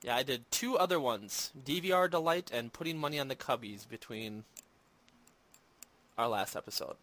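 A man speaks in a medium-pitched, slightly bright voice at a moderate pace. He's hosting a casual movie and gaming podcast from his Minnesota home, rambling along with self-deprecating humor and lots of filler words.

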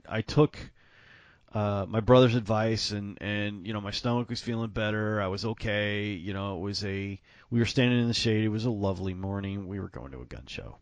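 A man's voice: fairly low pitch, no echo. A man telling a long, rambling story in casual chat, laughing often and jumping around as he talks. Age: adult with grown-up parents.

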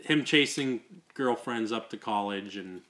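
A man's voice: on the low side, measured pace, a bit bright. A man hosting a podcast, telling a long story in casual chat, repeating words and laughing as he goes. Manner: rambling, repeats words, laughs through stories. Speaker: podcast host.

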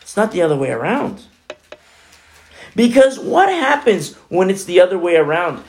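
Animated gravelly male preacher. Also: high-pitched, moderate pace. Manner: animated preaching, swinging from loud to hushed; conversational, with many fillers like "you know" and "like". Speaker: pastor. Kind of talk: sermon.

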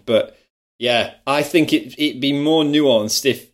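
Man co-hosting a casual film podcast, chatty and quick to laugh, middle-pitched voice. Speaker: podcast co-host.

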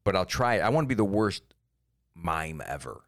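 A deep-voiced middle-aged man co-hosts a podcast in casual chat. He tells stories with big pitch swings and slips into goofy high voices when he quotes people. The sound is close and dry. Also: moderate pace, no room sound. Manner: animated storyteller who jumps into silly high voices for quotes. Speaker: podcast co-host and stand-up comedian.

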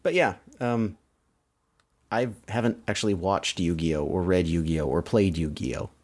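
A man co-hosting a podcast, chatting in a relaxed way and adding brief asides. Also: sits low, a little slow. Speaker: podcast co-host. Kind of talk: casual podcast chat.

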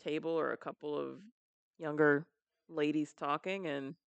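A man's voice: on the high side, level tone, a little slow, gravelly, clear, resonant tone, no room sound, lo-fi sound. Give me a rambling American man in casual podcast chat, recorded dry and close. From United States. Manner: chatty, laughs a lot, trails off mid-sentence. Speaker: podcast co-host. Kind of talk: casual banter.

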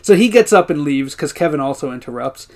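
A man with a high voice co-hosts a casual podcast, retelling scenes with lots of laughter. He slips into the characters' lines with animated delivery. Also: a little fast. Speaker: podcast co-host. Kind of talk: casual recap chat.

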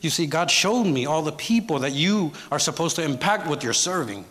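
In a church hall full of congregants, a man delivers a sermon as guest preacher, his voice on the high side, expressive, a bit bright, and moderately paced. He tells a personal story conversationally, often asking "right?", with hall reverb and music in the background.

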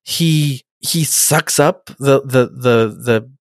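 A man's voice: medium pitch, slow, no room sound, studio quality. A man casually recapping a TV episode with a friend, swearing often and rambling through repeated restarts. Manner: rambling, acts out characters in mock voices. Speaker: podcast co-host recapping a TV episode. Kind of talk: casual profane chat.

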